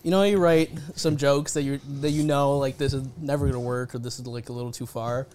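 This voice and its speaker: A man's voice: medium pitch, fairly even intonation, fairly quick, darkish tone. A man co-hosting a podcast in casual chat, self-mocking, laughing and swearing. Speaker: podcast co-host.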